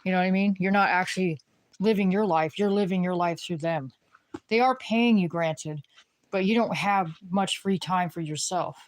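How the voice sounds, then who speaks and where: A woman's voice: on the low side, moderate pace. A woman griping in a casual, rambling rant to the camera, swearing freely and filling her talk with "you know what I mean.". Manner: rambling, profane griping, lots of fillers.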